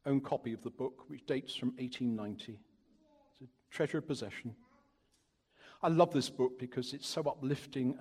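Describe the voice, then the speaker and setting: A man from Cornwall speaking at a church service, gently and earnestly introducing a reading and closing with a hymn. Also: mid-range voice, husky. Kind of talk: sermon-style reading and talk. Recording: long reverb of a large hall.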